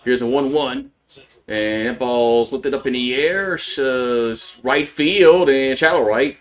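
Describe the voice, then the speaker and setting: A man calling a softball game play by play on a live stream from home, in a casual, chatty way. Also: mid-range voice, slow. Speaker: play-by-play commentator. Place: at home with a barking dog.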